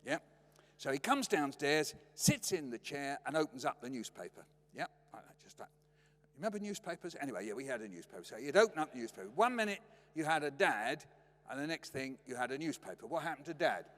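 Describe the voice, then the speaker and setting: Animated older British man telling stories. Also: medium pitch, brisk. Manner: playful, acts out family voices. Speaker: guest lecturer. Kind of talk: humorous storytelling lecture. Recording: long reverb of a lecture hall.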